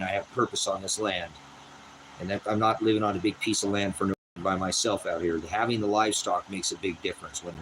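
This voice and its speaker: An agitated man rants in an unscripted talk outdoors on his rural land, swearing often and circling back over the same points. When he gets worked up, his voice climbs sharply into a strained, high register. Faint vehicle and outdoor ambience hum along behind him. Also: fairly bright tone, low-quality recording. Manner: agitated, repetitive, profane, rising to a high strained pitch when upset. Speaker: host of a personal channel. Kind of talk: unscripted personal rant.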